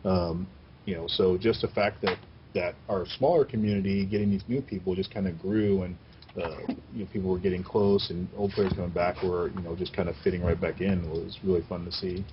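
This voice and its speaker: A man from a game studio answering interview questions in a casual, halting way with many fillers. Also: deep voice, fairly even intonation, highs cut off, a little hiss or hum.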